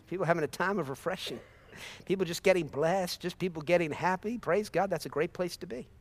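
A man's voice: high-pitched, fairly quick. A man preaching a sermon with impassioned, repetitive phrasing and sudden bursts of praise.

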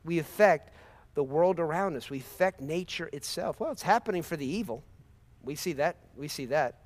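A male preacher delivering a sermon in a high voice that leaps up and down. He repeats phrases for emphasis and breaks into sudden shouted praise. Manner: impassioned, repetitive, with sudden shouted praise and laughs.

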